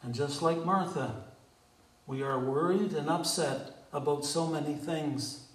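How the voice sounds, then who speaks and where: A man preaching a sermon deliberately, asking his congregation questions. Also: a little high, roomy sound, distant mic, rough recording. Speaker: pastor.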